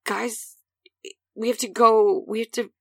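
A woman playing a tabletop game who talks quickly and apologetically, with many yeahs. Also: fairly high pitch, level tone, husky, no room sound, studio quality. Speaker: player. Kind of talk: tabletop role-play chat.

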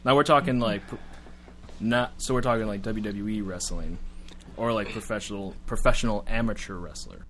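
A man's voice: fairly low pitch, moderate pace, fairly bright tone, a little hiss or hum. A man hosting a comedy podcast, chatting casually, joking and laughing often as he mock-interviews a guest. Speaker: podcast host.

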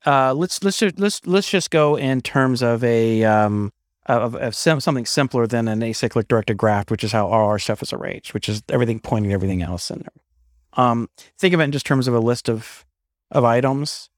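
A man's voice: mid-range voice, a little fast, no echo, studio quality. A man co-hosting a podcast, telling stories in casual chat with emphatic bursts and frequent restarts. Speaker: podcast co-host.

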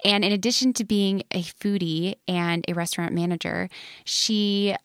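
A woman's voice: medium pitch, fairly even intonation, normal speed, clean tone, no echo, studio quality. A woman co-hosting a podcast, chatting casually and responding with frequent short agreements. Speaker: podcast co-host. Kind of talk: casual chat.

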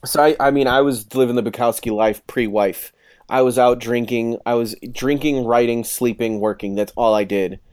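Man, thirties, casual chat, swears a lot, acts out quotes, mid-pitched. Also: normal speed. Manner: profane, animated storyteller acting out quotes.

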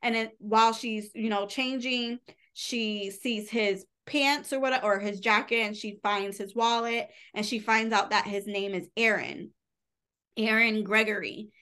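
A woman's voice: medium pitch, steady tone, measured pace, bright, forceful tone. A woman casually retelling a book's plot on a podcast, rambling and filling her talk with "like". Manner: chatty, rambling, heavy use of "like", casual swearing. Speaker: podcast co-host reviewing books. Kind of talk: casual book recap.

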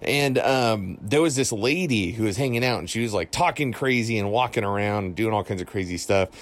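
A man's voice: on the low side, a little fast. A young man telling a spooky story from his childhood in a loose, rambling way, full of fillers and restarts. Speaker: listener calling in a story. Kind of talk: casual spoken ghost story.

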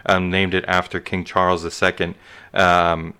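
A man's voice: deep voice, completely flat delivery, moderate pace, pushed and bright, clear, resonant tone. A man co-hosting a casual chat, reading history notes aloud with many ums and a rambling manner. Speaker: podcast co-host.

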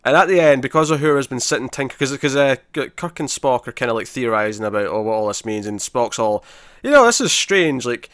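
A man, co-hosting a podcast in casual chat, retelling scenes in an animated way with many restarts. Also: medium pitch, fast, hardly any pauses, no echo, clean studio sound. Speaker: podcast co-host.

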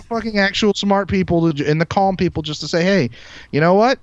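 Ranting hard and swearing freely, a man hosting a podcast delivers a forceful monologue. His high voice is brisk, and the recording is dry, dull, and lo-fi.

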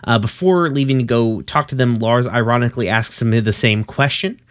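A man's voice: medium pitch, moderate pace. A man casually recapping a cartoon episode on a podcast, laughing and swearing as he goes. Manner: casual, profane, laughs while summarizing.

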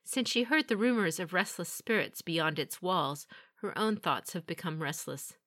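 A woman's voice: fairly low pitch, a bit bright, lightly acted. A woman voicing a grave, formal samurai lord. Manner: measured, formal, restrained. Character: calm, measured male samurai lord.

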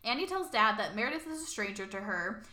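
A young woman co-hosting a podcast, telling a movie's story in a lively, expressive way with laughs. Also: medium pitch, quick pace. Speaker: podcast co-host. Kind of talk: casual movie recap chat. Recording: roomy echo.

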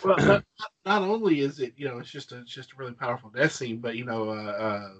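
A man's voice: mid-range voice, fast, husky, highs cut off. A man co-hosting a casual film podcast, retelling favorite scenes enthusiastically, with frequent restarts. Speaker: podcast co-host. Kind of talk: casual film-discussion chat.

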